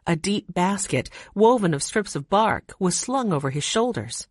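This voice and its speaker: A woman narrating a children's chapter book in a calm, steady reading voice. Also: mid-range voice, normal speed, slightly rough, no echo, studio quality. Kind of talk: audiobook narration.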